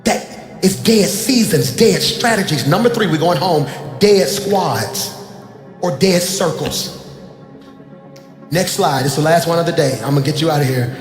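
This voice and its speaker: A man in his forties preaches a sermon in a tone that is a touch high for a man. He moves between easy, conversational talk and loud, pointed emphasis. His voice rings through a large, echoing church hall with a long tail of reverb, and soft music plays underneath. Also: measured pace. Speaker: pastor. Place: church sanctuary.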